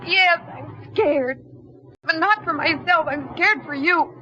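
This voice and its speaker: A woman's voice: very high voice, slow, bright, forceful tone, a little hiss or hum, exaggerated voice. An actress playing a frightened young woman pleading with her robber boyfriend in a 1950s radio drama. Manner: pleading, tearful. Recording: dull old radio broadcast with music.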